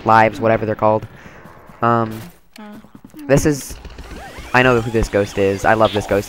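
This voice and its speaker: A man's voice: medium pitch, fairly bright tone, slight background noise, poor audio. Chatty young guy narrating a game. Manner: chatty, rambling, lots of "like". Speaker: let's play commentator. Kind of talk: casual gameplay commentary.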